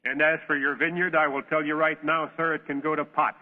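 A man's voice: medium pitch, animated. A man preacher voicing a churlish young son in a parable, complaining and balky, on a tinny old radio broadcast with long reverb. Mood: defiant, sulky. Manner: defiant then remorseful, drawn-out complaining.

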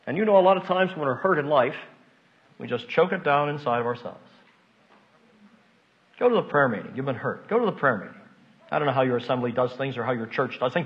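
An older man preaching a folksy, emotional sermon, moving between hushed asides and loud emphasis. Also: medium pitch, expressive, fairly quick, long pauses. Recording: dull lo-fi recording.

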